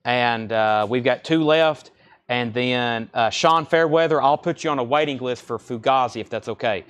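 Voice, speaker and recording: A man hosting a live record sale, chatting informally and rattling off buyer names, album titles and prices in quick succession. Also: medium pitch, a bit bright, clear, resonant tone. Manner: chatty and informal between listings. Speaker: record store host running a live sale. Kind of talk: live-stream sales patter.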